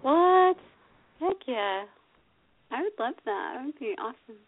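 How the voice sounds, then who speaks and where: A woman's voice: sits high, big pitch swings, measured pace. A young woman hosting a casual call-in radio interview, chatty and giggly, often hesitating with ums. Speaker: radio show host. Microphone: phone line. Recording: tinny phone line.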